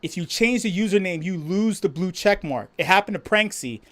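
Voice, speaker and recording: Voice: medium pitch, moderate pace. A livestream host chatting casually, reading viewer comments and ranting with lots of swearing and laughter. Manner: profane, laughing, animated rant.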